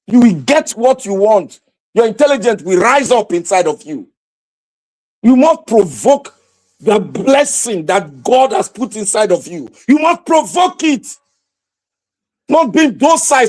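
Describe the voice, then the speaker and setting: A Nigerian man hosting impassioned political commentary, preaching and exhorting his viewers with a fiery, repetitive delivery. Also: extremely high pitch.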